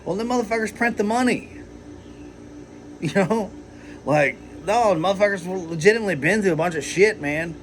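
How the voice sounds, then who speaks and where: A man's voice: sits high, normal speed, slight background noise. A man rambling heatedly in a personal vlog, swearing a lot and filling his talk with "like" and "you know". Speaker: vlogger.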